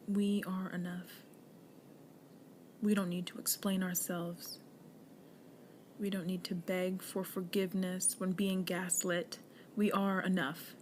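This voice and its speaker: Slow, earnest young woman podcaster. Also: fairly low pitch, slight background noise. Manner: earnest and encouraging, slipping into soft near-whispers. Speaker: podcast host. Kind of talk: solo podcast monologue with affirmations.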